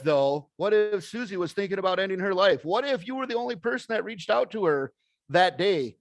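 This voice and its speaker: A man's voice: high voice, dry recording, studio quality. A middle-aged man giving a motivational talk to an audience, telling a story in a folksy, plainspoken way and acting out the dialogue. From American Midwest. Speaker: speaker.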